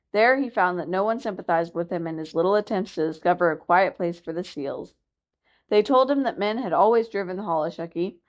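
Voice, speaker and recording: A woman narrating a classic chapter book aloud for a library reading program, in a clear, steady storytelling manner. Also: lowish voice, muffled recording. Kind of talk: audiobook narration.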